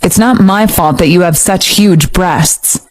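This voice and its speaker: A woman's voice: lowish voice, measured pace, no room sound, close to an everyday voice. A woman voicing a blunt, impatient injured young man in a romance audiobook. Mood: curt. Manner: curt, matter-of-fact.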